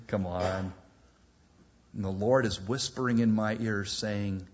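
A man preaching a sermon in an animated way, acting out back-and-forth dialogue between God and a reluctant believer. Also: on the low side, takes it slowly, pauses often, highs cut off, a little hiss or hum.

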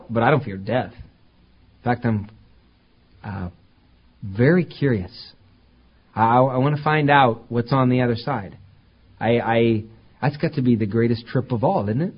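A man preaching a conversational sermon as pastor, talking plainly and then climbing to emphatic, louder peaks. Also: medium pitch, a little slow, pauses often, husky, dull audio.

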